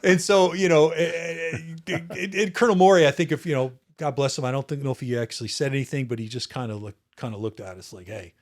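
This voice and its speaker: A man's voice: fairly high pitch, steady tone, a little fast, few pauses. A man in his fifties, a retired officer, telling stories as a guest in a casual interview, earnest and reflective, often restarting his sentences.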